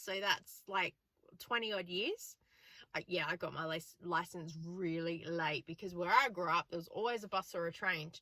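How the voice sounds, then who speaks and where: A woman's voice: mid-range voice, pushed and bright, no echo. An Australian woman in her forties, a chatty vlogger telling stories and laughing often. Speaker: frugal living vlogger. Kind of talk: casual vlog chat.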